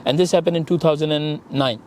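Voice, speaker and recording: Fast-talking excited man retelling events. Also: fairly high pitch, a little hiss or hum. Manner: fast, excited retelling with quoted dialogue and frequent laughs. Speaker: interview guest. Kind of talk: animated storytelling in conversation.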